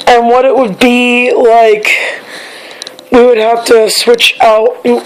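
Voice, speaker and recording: A young woman, a bit hoarse, talking in a casual personal vlog, halting and repeating herself as she searches for words. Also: on the high side, level tone, slight background noise, low-quality recording. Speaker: vlogger.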